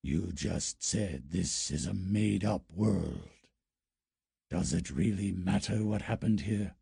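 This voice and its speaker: A male narrator voicing a gloomy alien warrior who speaks in a slow, sad, gravelly growl for an audiobook. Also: low voice, dark tone, no echo, clean studio sound, voice pushed down, full character voice. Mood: brooding. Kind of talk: audiobook character voice.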